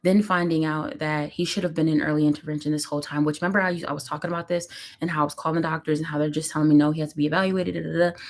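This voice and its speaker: A woman's voice: low voice, little pitch movement, rapid-fire, slight background noise. A woman, a mother and vlogger, talking candidly and emotionally at home on a casual live stream, rambling with lots of fillers.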